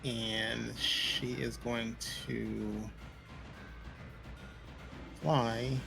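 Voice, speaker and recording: A man's voice: medium pitch, level tone, drawn-out words, vocal fry, over music. A man playing a tabletop game, describing his character's actions hesitantly while he thinks aloud. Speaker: player. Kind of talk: tabletop role-play.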